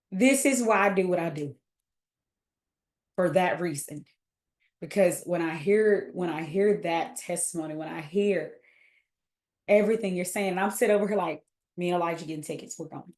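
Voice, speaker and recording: A woman hosting a faith group chat, emotional and talking in quick bursts with restarts. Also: fairly low pitch, a little mellow, reverberant. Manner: emotional, talks fast with restarts. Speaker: host and faith coach. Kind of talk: casual live group chat.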